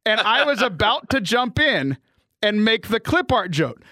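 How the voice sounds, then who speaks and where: Over a remote call mic, a man co-hosts a casual podcast despite having bronchitis, laughing often and poking fun at himself. His high, sharp voice swings widely in pitch at a slightly slow pace, and the recording is dry.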